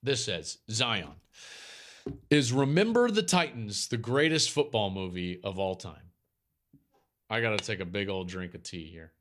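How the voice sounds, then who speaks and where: Guy hosting a football podcast, pitch jumps all over, gets emphatic n repeats himself. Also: measured pace, a little hiss or hum. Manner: animated, emphatic, repeats lines for effect. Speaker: podcast host. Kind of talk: casual chat.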